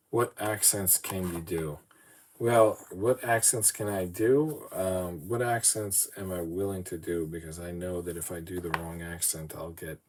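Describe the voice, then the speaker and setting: A man with a very deep voice chats on his own podcast while putting together a brick model. He rambles, mutters to himself, and pokes fun at his own hosting. A clear layer of background noise sits under the recording. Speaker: podcast host. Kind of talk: casual solo talk while building a model.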